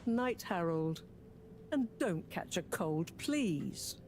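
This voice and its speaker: A woman's voice: lowish voice, expressive, slow pace, slight background noise. An actress playing a prim, motherly woman professor in a video game, with precise, proper diction and a fondness for proverbs. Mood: fussy.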